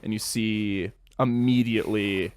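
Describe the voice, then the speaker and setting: A man's voice: fairly low pitch, steady tone, measured pace, darkish tone, clear, resonant tone. A young man narrating a tabletop game as game master, loose and rambling.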